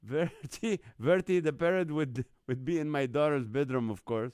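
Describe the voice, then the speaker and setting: A man's voice: measured pace, clean tone, dry recording, clean studio sound. Laughing live-show host man. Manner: chuckles often, breaks into laughter at comments; drops quiet and low when serious, lifts loud for jokes. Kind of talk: casual live-stream chat reading viewer comments.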